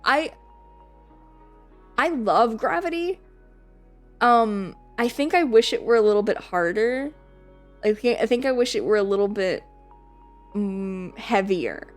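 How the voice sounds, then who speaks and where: A woman's voice: fairly high pitch, animated, unhurried, pauses often, faint music behind. A woman streamer chatting casually on a live stream, rambling, laughing often and swearing casually.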